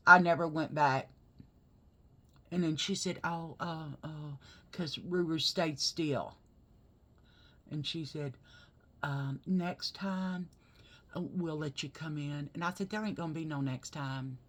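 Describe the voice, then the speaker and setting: A woman's voice: fairly low pitch, fairly even intonation, measured pace, fairly bright tone. A woman chatting while she does her makeup and telling a story that grows heated. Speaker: vlogger. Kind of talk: casual chat while doing makeup.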